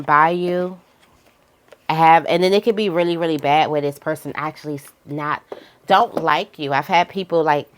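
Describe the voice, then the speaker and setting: A woman giving a casual, candid tarot reading, now and then jumping into high voices to quote people. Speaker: tarot reader.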